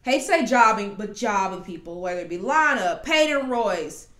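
A woman hosting a casual podcast, talking animatedly and quickly with plenty of asides. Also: mid-range voice, animated, fairly bright tone. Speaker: podcast host. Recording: roomy echo.

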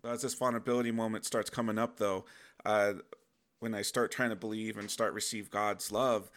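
Middle-aged guy talking earnestly about his faith, lowish voice, bright forceful tone. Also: flat delivery, moderate pace. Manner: earnest, emotionally open. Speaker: podcast host sharing faith testimony. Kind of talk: personal faith talk.

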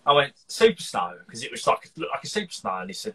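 A man's voice: medium pitch, lively intonation, fast talker, sharp tone, husky, rough recording. A man from Cheshire hosting a casual live chat, rambling and laughing often. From Cheshire, England. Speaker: host of a live show.

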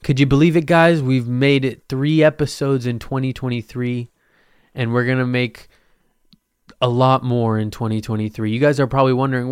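Young male podcast host, smooth voice, dry close mic, rambling self-mocking delivery. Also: medium pitch, moderate pace, no room sound. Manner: rambling, jokey, self-mocking, with sudden loud bursts. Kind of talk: casual solo podcast rambling.

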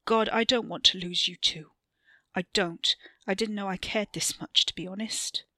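A woman's voice: mid-range voice, moderate pace, pushed and bright, dry recording, studio quality. A woman voicing a guilty, pleading young man.

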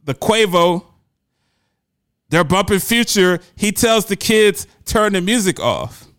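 A man's voice: a little high, a bit bright, clear, resonant tone, no room sound, studio quality. A man giving an impassioned opinion monologue, emphatic, his voice rising when he gets indignant and often repeating words as he starts a thought. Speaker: commentator.

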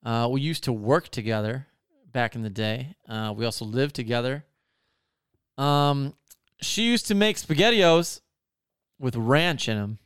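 A man's voice: medium pitch, lively intonation, measured pace, pauses often, clear, resonant tone, no room sound, studio quality. A man telling a long story in a casual, rambling way, swearing often and full of fillers. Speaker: podcast co-host telling a story.

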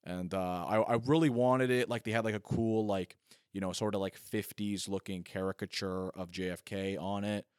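A man in his thirties tells a loose, funny story, piling up "like" and poking fun at himself. His voice sits on the low side. The sound is dry and close, with almost no room echo. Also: steady tone, moderate pace, smooth. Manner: rambling, heavy on filler "like", self-mocking. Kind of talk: casual comedic storytelling monologue.

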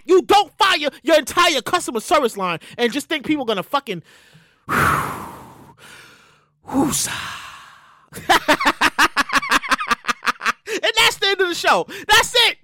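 A woman hosting her own show, ranting in a loud, profane, animated way with sudden shouted bursts. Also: very high-pitched, moderate pace, no echo, studio quality. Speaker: show host. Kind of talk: solo comedic rant.

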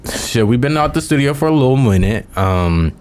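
A man's voice: medium pitch, expressive, normal speed, darkish tone, clear, resonant tone. A young man co-hosting a podcast in casual, profane, joking banter. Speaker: podcast co-host.

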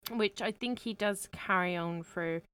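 A woman's voice: mid-range voice, a little slow, smooth. A woman co-hosting a podcast, chatting casually about a film and laughing often. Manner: laughs often, relaxed and drawn out. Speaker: podcast co-host.

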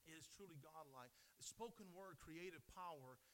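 A man preaching a sermon, building to loud emphatic questions and then dropping to a softer telling voice. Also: a little high, normal speed, a little hiss or hum.

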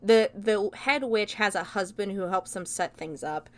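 Young woman, casual reviewer, loose chatty retelling, mid pitch. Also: measured pace. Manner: loose, chatty retelling with frequent swearing and laughs. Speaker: film reviewer.

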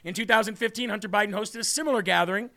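A man's voice: high-pitched, very fast, gravelly, sharp tone. A male political talk show host giving sarcastic, mocking commentary with frequent laughter. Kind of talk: opinionated commentary.

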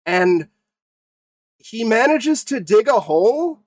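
A young man rants through a casual podcast chat, swearing freely and tripping over his own restarts. His voice sits a bit high, and it is recorded close and dry. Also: sing-song, no room sound. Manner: ranting, swearing, halting restarts. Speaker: podcast co-host.

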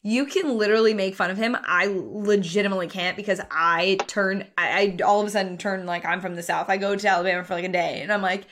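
A woman co-hosting a sports podcast in casual chat. She talks in an animated, rambling way and fills her sentences with "like". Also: mid-range voice, fast, few pauses, slight background noise. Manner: chatty, heavy use of "like", animated. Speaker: podcast co-host.

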